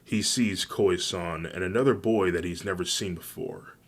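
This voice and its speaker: A man reading a fan fiction story aloud in a plain, even way. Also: deep voice, moderate pace.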